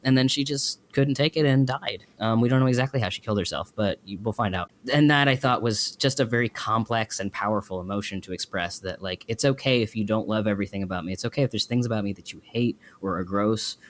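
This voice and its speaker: A man, a podcast guest, talking in a casual, animated, emotional way about a story. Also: fairly low pitch, fast talker, few pauses. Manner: animated, emotional retelling with acted quotes.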